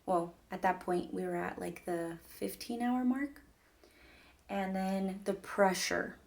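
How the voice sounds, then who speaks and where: A woman's voice: mid-range voice, fairly even intonation, slow, gravelly, darkish tone. A young woman telling a personal story to her viewers in a chatty, rambling way, full of "like" and "mind you guys". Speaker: vlogger. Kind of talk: casual storytelling to camera.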